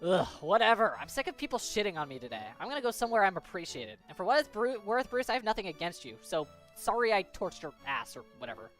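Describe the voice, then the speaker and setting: A woman's voice: medium pitch, very animated, fast talker, few pauses, faint music behind, lightly acted. A woman voicing a brash, proud fire creature who flares up when provoked. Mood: grumbling. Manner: brash, defensive outbursts.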